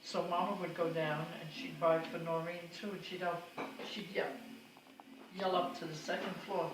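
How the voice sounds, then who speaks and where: A woman's voice: fairly low pitch, level tone, normal speed, background noise. Older woman, oral history reminiscence, anecdotal, roomy echo, far from the mic. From United States. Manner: warm anecdotal storytelling with acted quotes. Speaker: storyteller. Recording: echoey room, far from the mic, music behind.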